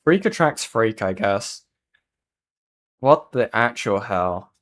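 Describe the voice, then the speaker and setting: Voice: mid-range voice, lively intonation, slow pace. A streamer reacting to a video in casual chat, laughing a lot and swearing freely while keeping their voice down at home at night. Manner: keeps voice down to avoid waking others.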